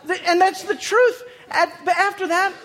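A man with a notably high voice spins a comic tale for a crowd, words tumbling out between bursts of laughter and quick restarts. His voice rings out in a big hall with a long, lingering reverb. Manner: laughs often mid-sentence, excited, repeats words. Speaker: speaker telling a story to a live audience. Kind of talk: animated personal storytelling.

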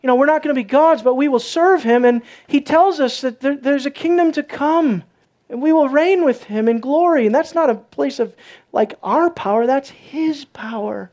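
A woman preaching a sermon, swinging from soft, low passages to loud, emphatic peaks. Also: moderate pace.

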